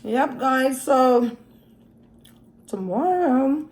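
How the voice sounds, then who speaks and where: A woman's voice: high-pitched, expressive, extremely slow, darkish tone. A young adult woman, a mukbang vlogger, chatting casually while eating, with many savoring hums between her words. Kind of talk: casual eating vlog chat.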